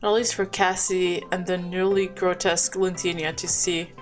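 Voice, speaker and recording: A woman's voice: on the low side, level tone, moderate pace, soft background music. A woman reading a visual novel aloud, breaking off with chatty asides. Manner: reads dialogue and narration, breaks off with chatty asides. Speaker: game narrator.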